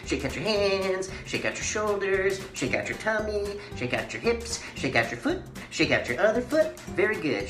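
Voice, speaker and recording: A very animated woman with a medium-pitched voice leads kids through a playful mime and movement lesson, giving sing-song, encouraging instructions at a moderate pace with few pauses. The room is echoey, with faint music playing.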